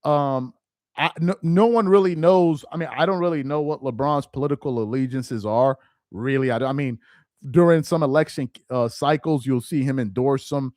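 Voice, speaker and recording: A man's voice: mid-range voice, normal speed, darkish tone, no room sound, clean studio sound. A man hosting a live stream, talking in loose slangy commentary and repeating himself for emphasis.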